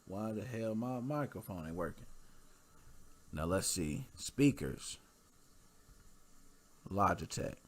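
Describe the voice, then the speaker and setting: Animated slangy podcast host guy. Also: lowish voice, slow pace, long pauses. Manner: animated, slangy and joking, talks to listeners directly. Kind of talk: casual gaming podcast talk.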